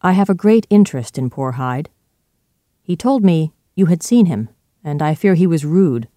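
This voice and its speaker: A reader voicing a fifty-year-old male doctor in a storybook reading, earnest and pleading but turning sharp and firm when pressed. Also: medium pitch, expressive, normal speed, no room sound, studio quality, lightly acted.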